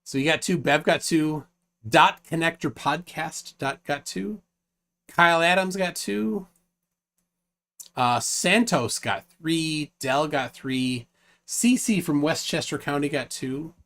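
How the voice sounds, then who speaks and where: A man's voice: a little high, slow, a bit bright. Male host of a casual online stream, reads lists aloud, loose and rambling. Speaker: livestream host. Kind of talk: casual livestream chat.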